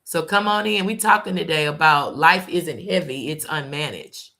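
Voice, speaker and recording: A woman host giving an informal motivational talk, repeating phrases and slowing down for emphasis. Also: sits low, pushed and bright. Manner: informal, uses y'all and ain't.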